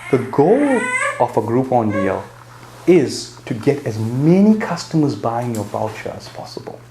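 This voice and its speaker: A man's voice: mid-range voice, sing-song, unhurried, mellow, a little hiss or hum. South African man coaching in a roomy echo. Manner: direct, punchy, keeps checking in with "right?". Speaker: fitness business coach. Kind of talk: marketing seminar talk.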